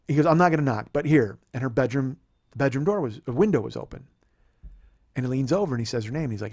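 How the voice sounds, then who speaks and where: A man's voice: mid-range voice, animated, fast, darkish tone, no room sound. Comic host in his forties, swears freely and acts out both sides of a story, dry recording. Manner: profane, heated storytelling with acted dialogue. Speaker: comedian host.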